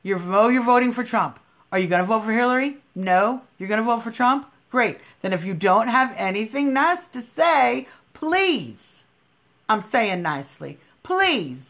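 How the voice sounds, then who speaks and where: A woman's voice: on the high side, moderate pace, fairly bright tone. A woman hosting a political livestream, talking bluntly and emphatically, scolding her viewers and swearing freely. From United States. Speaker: livestream host.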